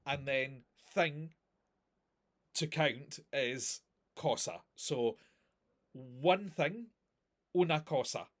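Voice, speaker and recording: A man's voice: on the high side, a bit bright. A man teaching a recorded grammar lesson, explaining patiently with examples and checking understanding often. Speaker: language teacher.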